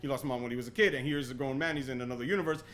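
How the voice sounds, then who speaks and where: A young man hosting a podcast in casual chat, excitable and full of "yo", often restarting his sentences. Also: medium pitch, rapid-fire, slight background noise. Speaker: podcast host.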